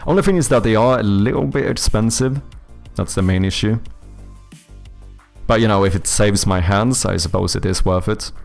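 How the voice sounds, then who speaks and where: Soft music plays behind a young Swede with a lowish, vocal-fry voice at a moderate pace. A game developer, he chats with livestream viewers, responding to their comments in a rambling, freely profane, Swedish-accented way.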